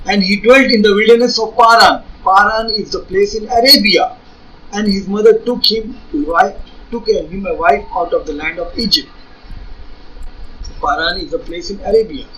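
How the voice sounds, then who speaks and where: Indian english guy, pretty high voice, arguing back at a critic w lots of rhetorical questions, a bit far from the mic. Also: pushed and bright. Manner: argumentative, rhetorical questions, reads scripture aloud. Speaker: religious debater. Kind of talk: rebuttal lecture.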